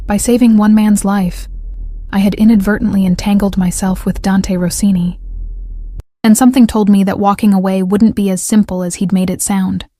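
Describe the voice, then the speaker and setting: Mellow woman narrating a romance audiobook. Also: mid-range voice, steady tone, moderate pace, no echo.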